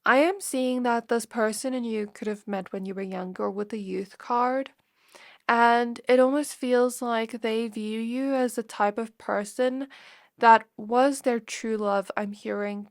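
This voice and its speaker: A woman reading tarot cards for viewers, talking in a soft, intimate and emotional way, close to tears. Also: a little high, unhurried, dry recording. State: teary, close to crying. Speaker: tarot reader. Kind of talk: pick-a-card tarot reading.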